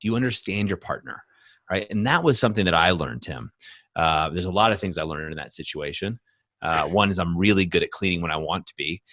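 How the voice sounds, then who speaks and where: A man co-hosting a podcast and coaching men, telling stories in an emphatic, animated way full of fillers. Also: low voice, fairly quick, a little hiss or hum. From United States. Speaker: podcast co-host, men's coach. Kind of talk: casual podcast conversation.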